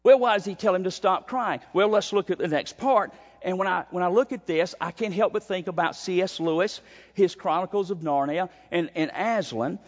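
Man, pastor, preaching a sermon, high voice, emphatic, church sanctuary, muffled sound. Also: normal speed. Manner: emphatic preaching with sudden swings in pitch and pace. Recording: dull sound with long hall reverb.

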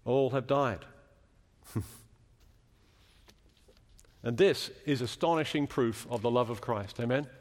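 A man's voice: medium pitch, a little slow, pauses often, a little mellow, big-room sound. A man preaching a sermon in a chapel, explaining scripture and asking the congregation questions as he teaches.

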